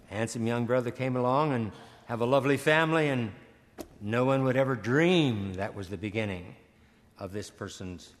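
An older man preaching a sermon, earnest, stammering and repeating words, slowing and swelling on key phrases. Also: medium pitch. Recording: long hall reverb.

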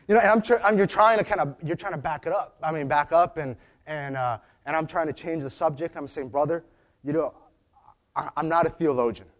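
A man with a slightly high, fairly bright voice preaches at a moderate pace. The sermon is conversational, built on chatty stories with many restarts and digressions.

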